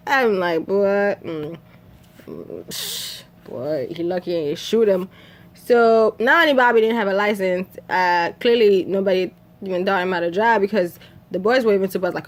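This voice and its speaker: A woman's voice: medium pitch, normal speed. A woman from Haiti casually retelling a film scene by scene, laughing often and acting out the characters' lines. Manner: animated, laughs often, acts out quotes in whispers and shrieks. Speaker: vlogger recapping a film. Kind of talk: casual storytelling recap.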